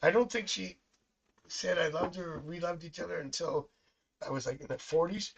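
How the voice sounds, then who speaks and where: A man's voice: fairly high pitch, moderate pace, gravelly, slightly rough, low-quality recording. Chatty middle-aged man reading tarot. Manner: chatty and rambling, laughs often, tells family stories. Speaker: psychic tarot reader. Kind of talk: live-stream tarot reading, casual chat.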